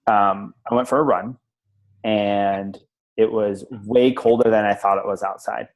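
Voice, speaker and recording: A man's voice: lowish voice, fairly even intonation, measured pace, low-quality recording. Rambling man telling a story. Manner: rambling, filler-heavy, swears casually. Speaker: call participant. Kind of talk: casual personal story on a group call.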